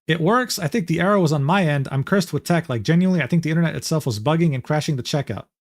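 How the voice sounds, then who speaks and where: A man's voice: a little high, lively intonation, quick pace, dry recording, studio quality. A young man streaming live, reacting to a document in loose, rambling commentary full of slang fillers. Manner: rambling, filler-heavy slang with "bro" and "dude".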